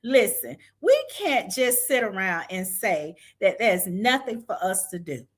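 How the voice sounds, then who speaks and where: A woman's voice: mid-range voice, unhurried. A woman hosting a casual livestream, chatty and hyping up events for her audience. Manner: lively, hype, chatty with the audience. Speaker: livestream show host. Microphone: video call style stream mic.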